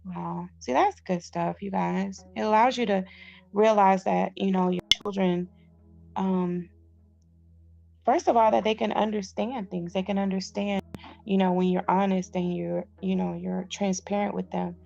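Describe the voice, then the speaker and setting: A woman's voice: mid-range voice, fairly even intonation, measured pace, gravelly, darkish tone, highs cut off. A middle-aged woman, recording a casual vlog on her phone, reading book passages aloud and then chatting about them. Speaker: vlogger reading and reviewing a self-help book. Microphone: phone with headphones in.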